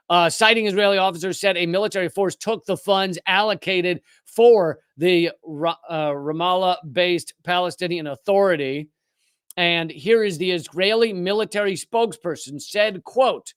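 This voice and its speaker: Brief: sarcastic man hosting a commentary show, high voice, dry close sound. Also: normal speed, fairly bright tone, clean tone, no room sound. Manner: indignant, sarcastic. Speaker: political commentary host. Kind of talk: scripted political commentary.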